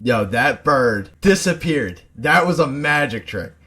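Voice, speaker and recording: A man co-hosting a podcast, telling animated stories full of slang. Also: mid-range voice, a little slow, husky. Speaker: podcast co-host. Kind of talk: casual chat.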